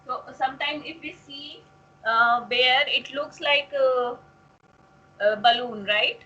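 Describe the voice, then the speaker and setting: A woman tutoring a Hindi lesson one-on-one, patiently repeating words slowly so they can be pronounced. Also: sits high, sharp tone, lo-fi sound.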